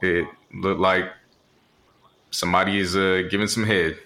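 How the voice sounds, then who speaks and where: Male podcast co-host, low voice with a bright edge, relaxed drawling chat. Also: moderate pace. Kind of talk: casual comedic podcast chat.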